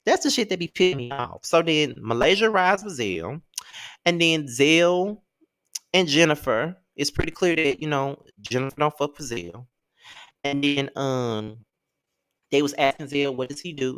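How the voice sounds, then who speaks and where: A man dishing on a reality show in a loose, gossipy recap, his pitch swinging widely as he goes from flat asides to exasperated peaks. He talks bluntly, swears freely and drops sassy asides, close to the mic in a dry, dead sound. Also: moderate pace, no echo. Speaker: TV recap host.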